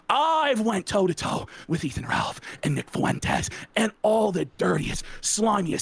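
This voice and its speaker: A man delivering an aggressive, profane rant, taunting and bursting into shouts. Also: high-pitched, expressive, normal speed, few pauses, no room sound.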